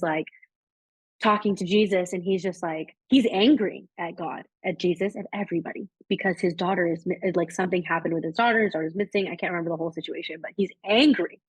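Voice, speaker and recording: This podcast co-host has a lowish voice with a breathy edge. In a casual spiritual discussion she rambles, leaning heavily on "like" and often starting over. The audio is dry and slightly dull.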